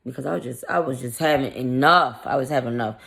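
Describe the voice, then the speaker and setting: Her voice is extremely low, creaky, and quick as this woman vlogger tells a story casually but bluntly, swearing in irritation. She animatedly acts out each quoted line of dialogue.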